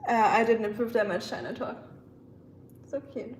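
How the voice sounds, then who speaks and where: A young German woman with a German accent chats with her live stream audience, her voice pitched a little high. She laughs easily and answers chat messages as she goes. The echoey home recording carries a faint hiss underneath. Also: normal speed. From southern Germany. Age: young adult. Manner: chatty, laughs often, reacts to chat messages.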